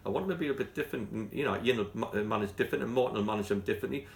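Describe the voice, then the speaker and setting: A man's voice: on the low side, racing, gravelly, roomy sound. A man with a Geordie accent, a football club manager giving a blunt, passionate interview, talking in bursts with many restarts. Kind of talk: post-training interview.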